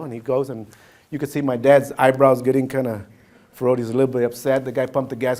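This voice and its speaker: A man giving a storytelling keynote speech, animated, mixing Spanish phrases into his English. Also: mid-range voice, quick pace. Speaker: keynote speaker.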